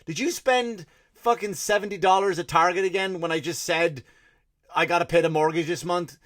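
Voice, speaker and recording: A man doing a fed-up wife yelling about bills. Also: high voice, moderate pace, voice pushed up. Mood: exasperated. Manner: exasperated, swearing.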